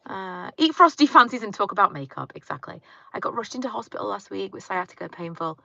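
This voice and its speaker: Chatty woman, bright, dry sound. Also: mid-range voice, animated, a little fast, creaky, dry recording, highs cut off. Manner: chatty, rambling, lots of fillers. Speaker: vlogger reading viewer comments. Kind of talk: casual car chat live stream. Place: inside a parked car.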